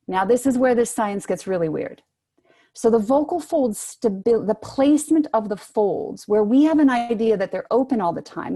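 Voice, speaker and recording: A woman voice teacher giving brisk, encouraging instructions to singers in an online workshop, heard over a video call microphone. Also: mid-range voice, dark tone. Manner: brisk, encouraging coaching with spoken demonstrations.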